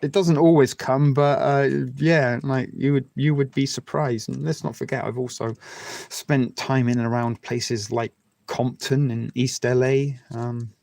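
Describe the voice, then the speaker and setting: A man's voice: mid-range voice, fairly even intonation, a little slow, creaky, a little mellow, no room sound. A man with an English West Country accent hosting a livestream, rambling through crude jokes with lots of fillers and restarts. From England. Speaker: livestream host. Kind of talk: casual chat with viewers.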